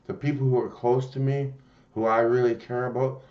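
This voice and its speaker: A man's voice: medium pitch, little pitch movement, fairly quick, dull audio. A man hosting a Christian channel, giving an earnest, emphatic spiritual talk in an informal way.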